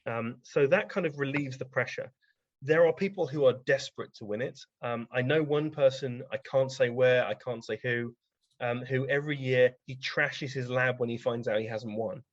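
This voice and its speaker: This man, a science writer appearing as a guest on an interview show, speaks at medium pitch and normal speed. He rambles through casual anecdotes with lots of ums, and the recording is dry, slightly dull and free of echo.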